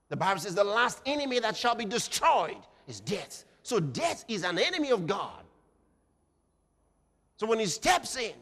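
A man preaching a sermon, swinging between hushed passages and shouting. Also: high-pitched, husky. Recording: reverberant hall.

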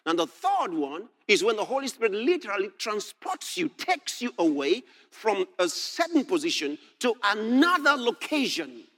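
A male preacher with a high, lively voice that leaps up and down in pitch. He drops to soft asides and then shouts the scripture he reads aloud. He laughs now and then as he preaches. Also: moderate pace, few pauses. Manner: laughs while reading. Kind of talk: sermon.

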